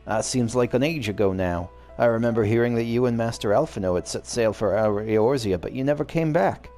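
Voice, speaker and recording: A man's voice: medium pitch, fairly quick, warm tone, soft background music, lightly acted. A man reading aloud the lines of a friendly male cafe owner in a game, in a loose put-on accent.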